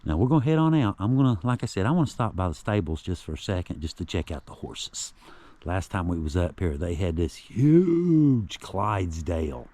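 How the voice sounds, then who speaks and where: A man's voice: sits low, animated, normal speed, warm tone. A man rambling in a folksy, casual way as he narrates a walking vlog outdoors on a rural hillside. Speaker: vlogger exploring local history sites.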